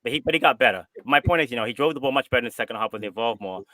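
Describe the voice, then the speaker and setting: A man's voice: medium pitch, animated, racing, bright, forceful tone, dry recording, low-quality recording. A man on a fan panel insistently arguing his point about a player. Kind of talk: casual match discussion.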